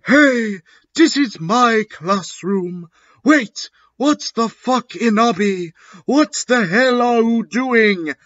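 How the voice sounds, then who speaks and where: A man voicing an indignant woman teacher with a shrill, high voice. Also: lively intonation, slow pace, a bit bright, dry recording, dull audio, heavily acted.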